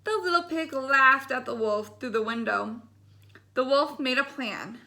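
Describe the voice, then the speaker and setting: Bright, high-voiced woman reading a bedtime story. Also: a little slow.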